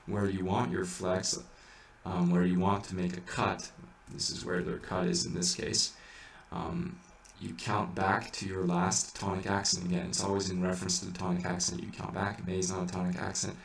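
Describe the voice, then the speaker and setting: Low gravelly guy walking through chant rules, halting, kinda far from the mic in an echoey room. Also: completely flat delivery. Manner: thinks aloud, hesitant with many restarts, breaks into sung examples. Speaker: chant teacher. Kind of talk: informal music lesson. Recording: echoey room, mic at a distance, faint hiss.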